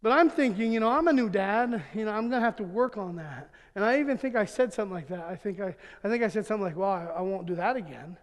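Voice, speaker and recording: A man's voice: high-pitched, lively intonation, fast talker, hardly any pauses. A man preaching a humorous sermon, telling family stories, acting out quotes and laughing often. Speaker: pastor. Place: church sanctuary. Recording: long hall reverb.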